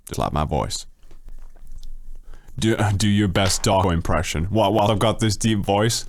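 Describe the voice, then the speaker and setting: Gravelly man through a deep voice changer. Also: animated, normal speed, dry recording. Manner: crude joking, reading comments aloud. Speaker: streamer. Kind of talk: casual livestream reading chat.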